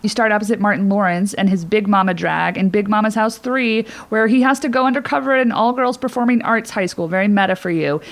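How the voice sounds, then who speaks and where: A woman's voice: mid-range voice, fast, hardly any pauses. A woman co-hosting a podcast who asks playful, reading-style interview questions. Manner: playful, reads setups for questions. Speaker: podcast co-host.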